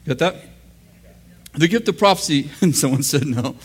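A man's voice: a little high, sing-song, moderate pace, husky. An American man preaching a sermon in a church, joking with the congregation and laughing at his own lines. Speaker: pastor. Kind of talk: sermon teaching.

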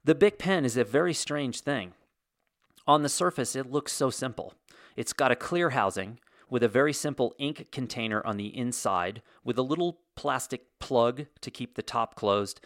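A man's voice: medium pitch, normal speed, no room sound. Wry man telling stories, dry sound. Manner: wry, sarcastic storytelling with comic exaggeration. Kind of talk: casual solo monologue.

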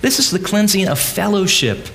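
Animated man preaching a sermon. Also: high voice, moderate pace, vocal fry, a little hiss or hum. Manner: animated, swings between loud emphasis and soft asides; folksy, addresses the congregation as "gang". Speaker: pastor.

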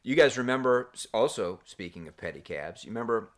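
A man hosting a casual cycling podcast chat, telling stories in a relaxed, rambling way with fillers. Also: mid-range voice, fairly quick. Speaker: podcast host.

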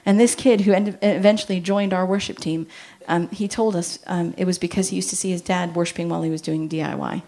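A woman's voice: lowish voice, fairly even intonation, a little fast, hardly any pauses, warm tone. A middle-aged woman from the United States giving a chatty, story-filled talk to parents at a church, acting out quotes as she goes.

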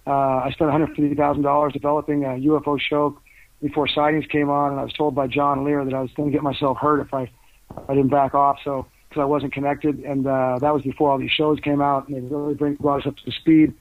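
An older man appearing as a guest author tells long, rambling stories in a casual interview, with plenty of fillers and restarts. His medium-pitched voice is level and fairly quick, recorded with a tinny, phone-like, dry sound and no room echo.

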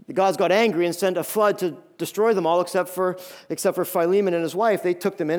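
A male pastor delivers a sermon in an animated, high-pitched voice. He often doubles up his words as he pushes a point home. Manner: animated, repeats words when building emphasis.

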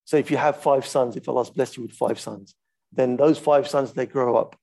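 A man's voice: mid-range voice, steady tone, moderate pace, creaky, dark tone. A man teaching a lesson on a classical religious text, methodical and patient, stopping to demonstrate how each phrase is recited. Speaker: Islamic studies teacher.

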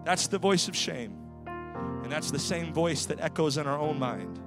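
High-voiced male preacher over music. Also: animated, moderate pace. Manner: rhythmic preaching that swings from loud to hushed. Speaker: pastor. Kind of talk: sermon. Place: church sanctuary.

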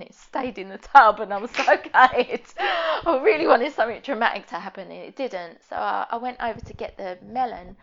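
A woman's voice: mid-range voice, gravelly, fairly bright tone, dull audio. A woman speaking as a podcast guest, telling a personal story frankly and rambling, with frequent fillers. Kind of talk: candid conversational storytelling.

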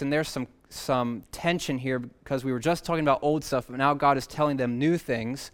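A man's voice: medium pitch, fairly quick, few pauses, fairly bright tone. A young man preaching a sermon in a conversational way, reading scripture aloud with emphasis. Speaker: pastor.

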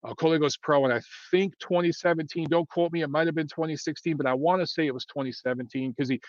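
A man's voice: on the high side, fairly even intonation, fast talker, no echo. Blunt, rambling man talking boxing. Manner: blunt, rambling, frequent fillers and restarts. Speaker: boxing commentator. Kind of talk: casual opinion monologue. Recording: dull lo-fi dry sound.

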